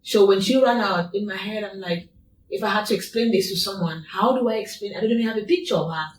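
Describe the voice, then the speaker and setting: A woman's voice: mid-range voice, fast talker, a little hiss or hum. A woman guest in an interview, telling a personal story in a repetitive, emphatic way. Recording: echoey room, distant mic.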